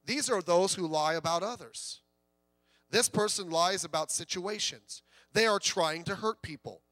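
High-voiced man preaching a sermon. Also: unhurried, sharp tone, no room sound, soft background music. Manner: conversational preaching with anecdotes and quoted voices. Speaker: pastor.

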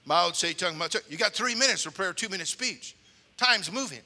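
An older man preaching with humor, an animated storyteller with comic timing who slips into character voices. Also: high-pitched, normal speed. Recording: long hall reverb.

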